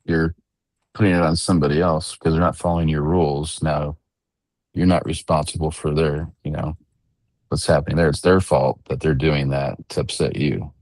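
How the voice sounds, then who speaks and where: A man joining a casual group discussion over a video call, chiming in quickly and agreeing. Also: very deep voice, level tone, darkish tone, no room sound. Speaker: group participant.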